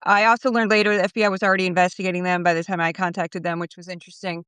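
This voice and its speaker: A woman guest in a casual interview, her voice smooth and clear in a dry, close-miked sound. She tells her stories with animation and slips into other people's voices when she quotes them. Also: on the low side, little pitch movement, very fast, fairly bright tone, no echo. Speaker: guest commentator.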